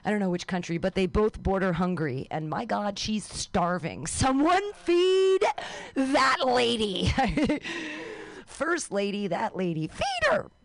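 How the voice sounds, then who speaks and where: A woman's voice: medium pitch, sing-song, a little slow, dry recording. A woman doing sardonic stand-up and introducing the next comedian as host.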